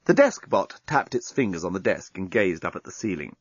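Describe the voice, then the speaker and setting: A man narrating a comic science-fiction audiobook in a lively storytelling manner, with a husky voice. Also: low-pitched, fairly quick, dry recording, muffled recording. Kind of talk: scripted narration.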